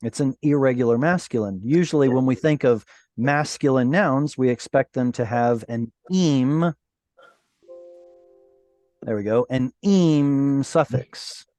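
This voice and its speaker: A man teaching a Hebrew class over a video call, explaining patiently and sounding out Hebrew words slowly. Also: mid-range voice, dark tone, dry recording, soft background music.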